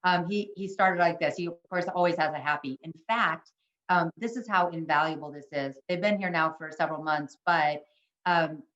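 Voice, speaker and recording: Older lady telling a story on a zoom webinar, earnest, lots of ums, kinda low voice, echoey muffled audio. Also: moderate pace, a bit bright. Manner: earnest, with frequent ums and restarts. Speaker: webinar co-presenter. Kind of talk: casual storytelling to an online audience. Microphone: video call.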